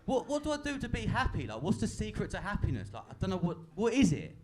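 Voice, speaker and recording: A man's voice: high voice, big pitch swings, fast talker. A man doing a stand-up set on a live stage, crude and self-mocking, often laughing at his own lines. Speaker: stand-up comedian. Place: live comedy venue with audience. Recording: live stage recording with crowd.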